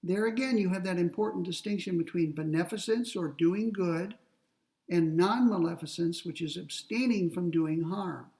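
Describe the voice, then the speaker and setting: Gravelly-voiced man giving an ethics lecture. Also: sits high, a little mellow, recorded from a distance, low-quality recording. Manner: deliberate, explains step by step, slows to read quoted text. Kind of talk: classroom lecture.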